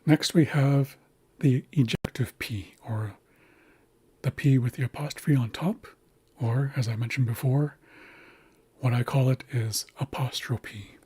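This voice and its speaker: A man teaching a language lesson, patiently walking through pronunciation and repeating example words slowly. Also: mid-range voice, steady tone, dark tone. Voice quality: very breathy, husky. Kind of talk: slow instructional walkthrough.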